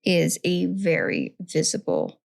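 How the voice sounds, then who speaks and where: A woman's voice: fairly low pitch, very animated, slow pace, creaky. A woman co-hosting a podcast, talking in an emphatic, playful way and arguing her side in casual chat. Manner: emphatic and playful, argues back. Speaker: podcast co-host.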